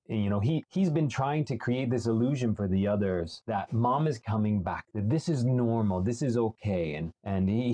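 A man with a warm, mellow voice pitched fairly low. He talks a film over in a relaxed, reflective way and refers back to notes he has made. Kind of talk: casual film discussion.

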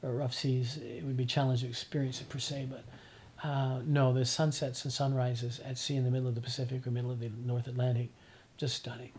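A middle-aged man, chatting as a podcast guest. He tells unhurried, reflective stories and often stops and restarts his sentences. His voice sits in an ordinary middle range. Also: mid-range voice, level tone, a little mellow, slight background noise. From Newfoundland, Canada. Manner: reflective, rambling storyteller with frequent restarts. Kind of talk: casual conversation.

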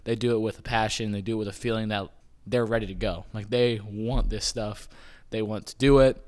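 A man's voice: fairly low pitch, steady tone, brisk, darkish tone. Rambling man explaining casually. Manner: loose, rambling, full of "kind of" and "like". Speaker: podcast host. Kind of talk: casual informational talk.

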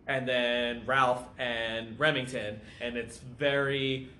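A man's voice: mid-range voice, little pitch movement, takes it slowly, pushed and bright. A man co-hosting a casual podcast chat, retelling a story in a loose, rambling way full of fillers. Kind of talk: casual chat recapping a TV episode. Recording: echoey room, faint background noise.

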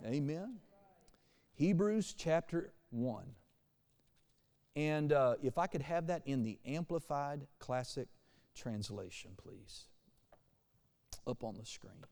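A man preaching a sermon as pastor, animated, shifting between quiet and loud passages. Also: a little high, slow pace, vocal fry, pauses often, in a large hall. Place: church sanctuary.

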